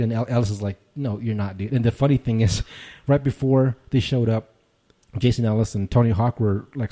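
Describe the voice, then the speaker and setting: A man's voice: mid-range voice, warm tone. A man co-hosting a podcast, telling a long story in casual chat, swearing often and laughing as he goes. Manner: profane, rambling storyteller who laughs often. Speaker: podcast co-host.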